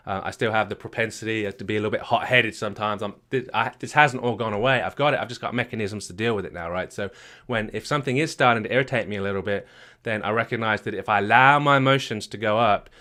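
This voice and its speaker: A man's voice: lowish voice, bright, forceful tone. A man coaching a marriage retreat, talking emphatically, repeating his points and tagging them with "right?". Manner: emphatic and repetitive, with frequent restarts and "right?" tags. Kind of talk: retreat workshop talk. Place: retreat venue.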